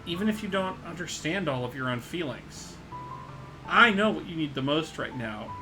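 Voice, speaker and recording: A man's voice: on the high side, lively intonation, normal speed, over music, natural voice, poor audio. A man voicing an earnest young male protagonist. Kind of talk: voice-acted game reading.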